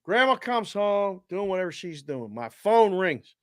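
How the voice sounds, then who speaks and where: Lively, profane man chatting about bets. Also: high voice, unhurried, no echo, clean studio sound. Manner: animated, profane storyteller. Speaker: sports betting show co-host. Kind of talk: casual sports betting chat.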